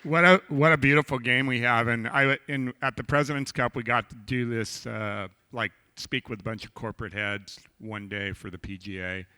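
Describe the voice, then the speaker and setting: A man's voice: medium pitch, fairly even intonation, normal speed, hardly any pauses, sharp tone, smooth. A man hosting an on-stage conversation and speaking about his guest with enthusiasm and praise. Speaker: host, golf club manager.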